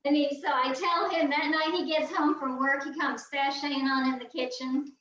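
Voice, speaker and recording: A woman, a guest on a video call, telling a funny story in a lively way and acting out the voices. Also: high voice, normal speed, a little hiss or hum. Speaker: guest quilter. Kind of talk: animated storytelling. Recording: roomy, distant, dull video call audio.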